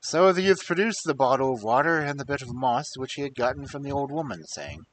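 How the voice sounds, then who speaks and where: Expressive man reading a fairy tale. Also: mid-range voice, a little fast, hardly any pauses, low-quality recording. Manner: expressive, dry wry asides. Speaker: storyteller.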